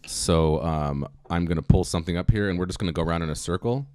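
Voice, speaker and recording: A man's voice: low voice, fast, warm tone, slight background noise. A man hosting a comedy podcast and improvising freestyle rap verses in a loose, playful way. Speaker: podcast host.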